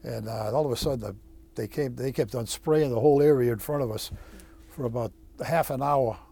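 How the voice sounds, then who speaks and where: A man, a former Marine, telling his war story in an interview, halting with many restarts and blunt swearing. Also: medium pitch, creaky, mellow, husky. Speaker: veteran interviewee. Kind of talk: oral history storytelling.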